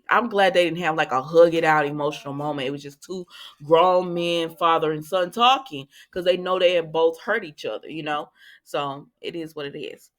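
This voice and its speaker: A chatty woman recapping a soap opera, slipping into the characters' lines and reacting loudly to twists. Her voice sits a little low for a woman, and she talks in a loose, conversational way. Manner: chatty, retells scenes acting out the lines with lively reactions. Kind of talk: casual chat.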